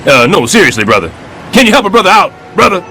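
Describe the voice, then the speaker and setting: A man voicing a brash, scheming middle-aged building superintendent in a cartoon, loud and sarcastic. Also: high voice, big pitch swings, fast talker, slight background noise, full character voice. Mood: blustery. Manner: loud, sarcastic wisecracking, jumps between growls and squeals. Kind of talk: stop-motion cartoon voice acting.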